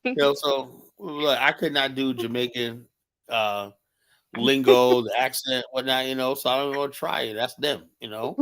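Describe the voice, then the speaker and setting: A man's voice: medium pitch, steady tone, moderate pace, a bit bright. A man arguing his point heatedly in a casual stream discussion, constantly tagging on rhetorical questions. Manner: heated, argumentative, keeps asking "you know?". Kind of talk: casual live-stream debate.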